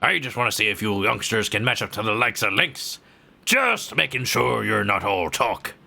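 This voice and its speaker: A man doing a gravelly old pirate captain. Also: on the low side, animated, sharp tone, pitched below the performer's own voice, exaggerated voice. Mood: gruff. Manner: slow, grave warnings. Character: gruff older male pirate captain. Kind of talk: reading game dialogue aloud.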